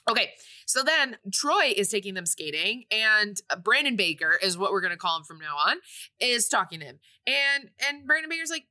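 A woman with a bright, sharp voice recaps a movie plot for a podcast. She talks casually and with lots of energy, and she drops into playful voices for the characters. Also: medium pitch, moderate pace. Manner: animated storytelling with playful quoted voices. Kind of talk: casual chat.

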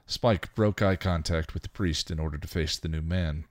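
Deep male reader, dry, for steady story narration. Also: normal speed, no room sound. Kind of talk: reading fan fiction aloud.

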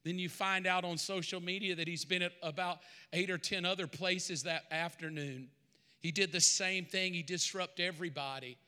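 A man's voice: high-pitched, fairly even intonation, moderate pace, sharp tone, smooth. A man pastor preaching a sermon, telling a vivid story in the second person. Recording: long hall reverb.

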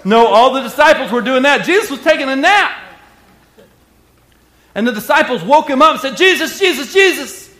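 A male pastor preaching a sermon with energetic call-and-response delivery. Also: extremely high pitch, normal speed, long pauses. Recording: echoey hall.

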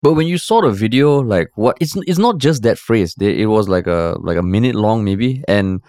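A man with a Singaporean English accent, co-hosting a podcast in casual chat, with quick back-and-forth and frequent "yeah" and "exactly". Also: fairly low pitch, animated, darkish tone, no room sound, clean studio sound. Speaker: podcast co-host.

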